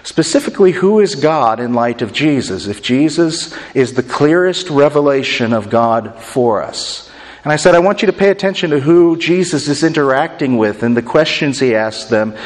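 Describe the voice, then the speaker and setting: A man's voice: a little high, lively intonation, moderate pace. A man preaching a sermon as pastor, earnest and building his points through rhythmic lists and repeated phrases. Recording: long hall reverb.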